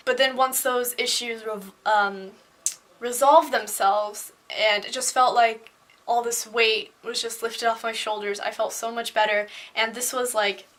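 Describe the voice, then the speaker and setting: A woman's voice: fairly high pitch, a bit bright. A young woman vlogging in a casual, candid way, full of fillers and asides. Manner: chatty, candid, many fillers like "like" and "um". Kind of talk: casual talking-head vlog.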